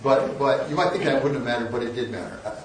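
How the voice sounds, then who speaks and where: A fast-talking man in his sixties with a medium-pitched voice, originally from the northern United States, delivers a storytelling lecture as a guest in a big lecture hall. He tells wry, self-deprecating anecdotes with frequent restarts. The mic sits far off, and the hall is echoey.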